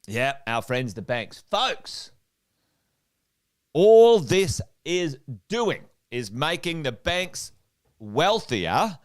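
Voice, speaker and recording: A man's voice: fairly high pitch, extremely slow. A middle-aged Australian man, an investment coach, talking energetically to a livestream audience, repeating points and quizzing viewers. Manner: energetic, repeats himself, asks viewers questions. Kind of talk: whiteboard livestream talk.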